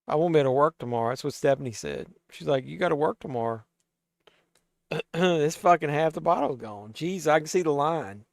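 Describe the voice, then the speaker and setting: A man's voice: on the high side, lively intonation, a little fast, vocal fry, dry recording, studio quality. A man hosting a live watch-along stream, chatting casually with viewers, loose and profane and a little tipsy from drinking. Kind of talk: casual live-stream chat, reading chat aloud.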